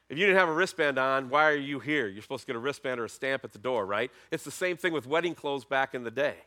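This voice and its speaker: A middle-aged pastor with a mid-range voice preaches a sermon in a conversational style, breaking into emphatic, animated bursts.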